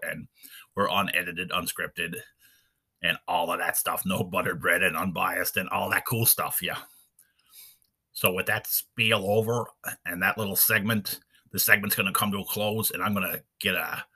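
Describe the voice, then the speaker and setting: Male podcast host, deep and husky, folksy and rambling. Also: pushed and bright. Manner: rambling, folksy, lots of fillers. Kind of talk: casual unscripted podcast chat.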